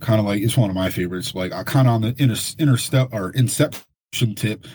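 A man's voice: lowish voice, fast talker, a little mellow, slightly rough, no echo. A man co-hosting a podcast in casual chat, opinionated and swearing when he gets frustrated. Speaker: podcast co-host.

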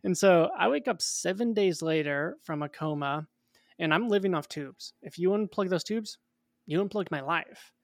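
A young man in his twenties, a guest in an interview, telling a personal story in a casual, animated way. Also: high-pitched, moderate pace, vocal fry, no room sound.

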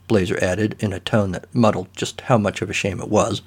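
A man narrating a comic story in a dry, deadpan manner. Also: lowish voice, a little fast, breathy edge.

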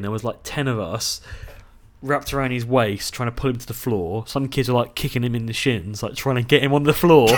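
A young man, co-hosting a casual podcast and telling school stories with swearing. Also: mid-range voice. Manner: storytelling, animated, swears. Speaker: podcast co-host. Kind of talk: casual chat.

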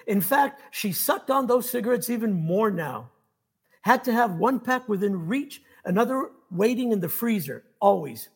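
A man reading his own fiction aloud at a steady, measured pace. His voice sits high for a man and carries a gravelly, husky grain. The delivery is that of an author at a reading. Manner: measured storytelling.

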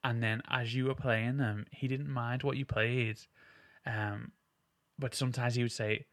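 A man's voice: medium pitch, steady tone, normal speed, fairly bright tone, no room sound. A man hosting a podcast, chatting casually and enthusiastically, rambling with lots of filler words. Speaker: podcast host. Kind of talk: casual chat.

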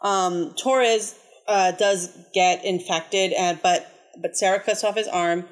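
A woman's voice: mid-range voice, fairly even intonation, slow. Brief: woman co-host, loose rambling recap, fillers and restarts, casual chat. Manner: rambling plot retelling with many fillers.

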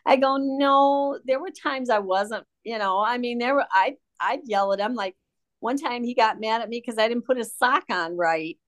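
A woman's voice: a little high, moderate pace. A middle-aged woman from Michigan, a guest telling her story in a frank, blunt, sardonic conversational way. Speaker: interview guest.

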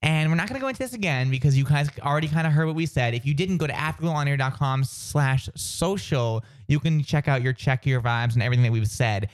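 A young man hosting a casual podcast, talking in a lively, up-and-down voice. He tells stories with plenty of energy and slips into high voices to act out what people said. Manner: animated storytelling, acts out quotes in high shrieks. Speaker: podcast co-host. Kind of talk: casual chat.

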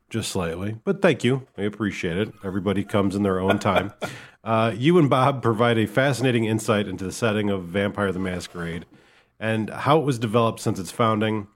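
A man co-hosting a podcast with a Midwestern American accent, talking in a relaxed, rambling, self-deprecating way. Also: lowish voice. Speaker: podcast co-host. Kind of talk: casual chat.

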